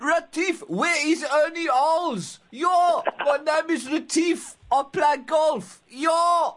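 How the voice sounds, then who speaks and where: A man putting on a loud, exaggerated South African accent to impersonate a male golfer. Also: extremely high pitch, slow pace, pitched above the performer's own voice, full character voice. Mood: boisterous. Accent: put-on South African. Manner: shouty, exaggerated, repetitive yelps.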